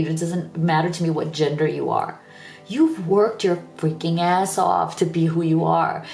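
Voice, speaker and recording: A woman's voice: lowish voice, creaky, darkish tone, roomy sound. A tearful woman giving an earnest, emotional pick-a-card tarot reading, often repeating herself. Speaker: tarot reader.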